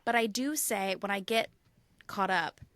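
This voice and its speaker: A woman in her thirties with a Midwestern accent co-hosting a casual comedy podcast, telling animated stories and acting out quoted voices. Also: medium pitch, unhurried, no room sound. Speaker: podcast co-host.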